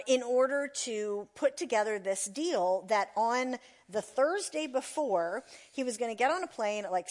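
A woman speaking to an audience, telling an animated story and asking the listeners questions. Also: a little high. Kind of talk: talk to an audience.

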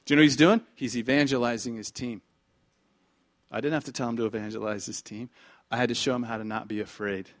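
A man's voice: medium pitch, vocal fry. A middle-aged man preaching a sermon as pastor, telling stories animatedly, acting out dialogue and dropping at times into whispers.

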